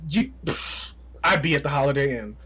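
Blunt man with a higher voice. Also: animated, moderate pace, background noise. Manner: blunt, crude, punchy reactions. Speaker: podcast co-host. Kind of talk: casual chat.

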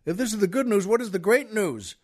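A man's voice: high-pitched, lively intonation, fairly quick, a little mellow, breathy edge, voice pushed up. Man doing a flustered, panicked husband. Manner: flustered and stammering. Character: panicked husband waiting for his missing wife.

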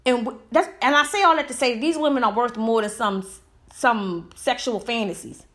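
A woman's voice: on the high side, moderate pace, fairly bright tone. A woman giving a heated, emphatic opinion monologue full of rhetorical questions. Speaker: commentator.

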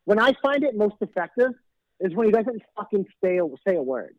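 A man's voice: high-pitched, big pitch swings, a little fast, no echo. A man co-hosting a casual wrestling podcast who talks in a laid-back, candid way with some swearing. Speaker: podcast co-host. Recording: dull, dry lo-fi mic.

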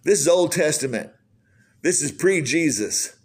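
A pastor preaching an earnest sermon, asking the listeners question after question. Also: male voice, a little high, expressive, unhurried, husky.

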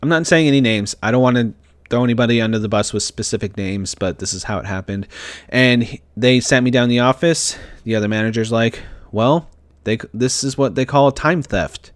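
A man's voice: medium pitch, fast talker, smooth, no room sound. A young man in casual storytelling, upset and stressed, rambling with frequent restarts and fillers. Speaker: vlogger.

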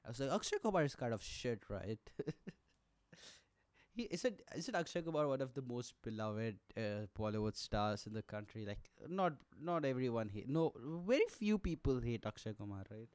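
A young man with an Indian accent and a hoarse, coughing throat, ranting sarcastically and profanely in a casual solo podcast. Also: medium pitch, big pitch swings, normal speed, darkish tone, dry recording. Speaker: podcast host.

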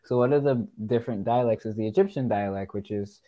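Excitable young man with a mellow voice. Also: on the low side, fast talker, dull audio. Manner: excitable explainer, repeats words. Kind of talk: casual chat.

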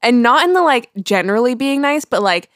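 A woman's voice: on the high side, lively intonation, brisk, fairly bright tone, dry recording, clean studio sound. A young woman co-hosting a podcast, chatting candidly and laughing often. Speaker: podcast co-host. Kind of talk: casual chat.

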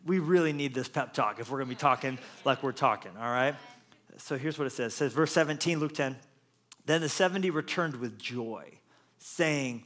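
Preaching as a pastor, a man delivers a lively, jokey sermon and acts out quotes in playful voices. His voice is mid-range and he speaks at a normal speed.

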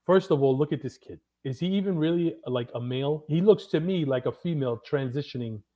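A man's voice: a little high, a little fast, mellow. A man co-hosting a casual talk show, blunt and wisecracking, who keeps cutting in. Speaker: podcast co-host. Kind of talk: casual banter.

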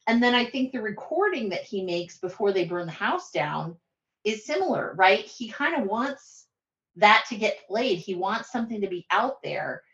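A woman guest on a podcast, discussing a film casually in a thoughtful, measured way. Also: medium pitch, big pitch swings, a bit bright, roomy sound, lo-fi sound. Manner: thoughtful, measured, uses "like" and "I think".

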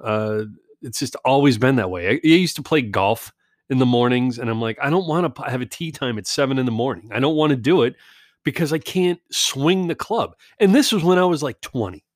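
A man's voice: mid-range voice, no echo, clean studio sound. A man in a casual rambling monologue, ranting and self-deprecating, swearing often.

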